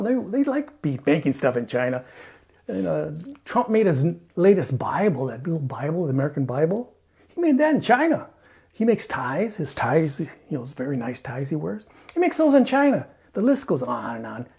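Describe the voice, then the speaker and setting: A man vlogs in a rambling, sarcastic way, chuckling at his own points. His pitch swings widely from phrase to phrase. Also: a little mellow. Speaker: RV channel vlogger. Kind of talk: casual opinion monologue.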